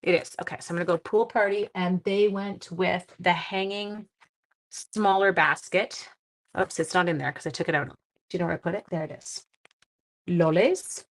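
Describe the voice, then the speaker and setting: A woman's voice: on the low side, fairly even intonation, normal speed. A woman hosts a casual live crafting stream from her home. She chats freely as she works through a stamping demonstration, giggling and poking fun at herself along the way. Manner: chatty and giggly, laughing at herself.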